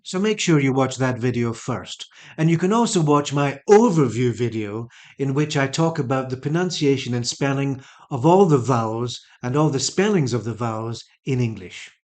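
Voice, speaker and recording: A man teaching English pronunciation, saying each model word slowly and carefully, often twice. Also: medium pitch, animated, darkish tone. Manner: careful, patient, clear articulation of each word. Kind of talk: slow, deliberate teaching with repeated model words.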